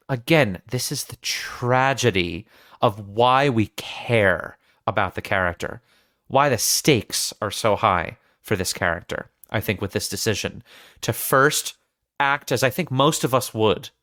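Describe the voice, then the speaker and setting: A man's voice: on the low side, unhurried, sharp tone, no echo, studio quality. A man hosting a podcast, talking through a film scene in earnest, analytical casual chat, often restarting his sentences. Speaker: podcast host.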